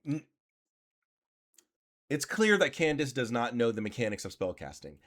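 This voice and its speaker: A man's voice: mid-range voice, big pitch swings, moderate pace, a bit bright. A man hosting a reaction commentary, reading passages aloud and arguing back in an exasperated tone, swearing now and then. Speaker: commentary channel host.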